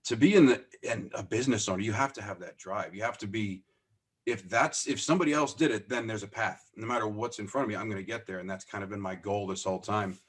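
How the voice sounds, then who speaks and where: A man's voice: on the low side, fast talker, slightly rough. A man, a podcast guest and business owner, telling stories in a casual interview, acting out the dialogue and laughing at himself as he goes. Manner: animated, acts out quoted dialogue; self-deprecating, laughs as he talks.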